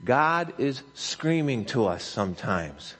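A man preaching a sermon as a pastor, telling a story in a halting way with many restarts and fillers. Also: medium pitch, very animated, fairly bright tone. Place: church sanctuary.

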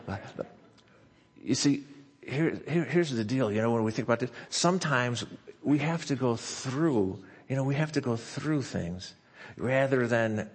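Older guy preaching, low gravelly voice, lots of um and you know, big echoey church. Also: lively intonation, measured pace. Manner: storytelling with many fillers and restarts. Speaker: pastor. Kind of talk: sermon. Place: church sanctuary. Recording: long church hall reverb.

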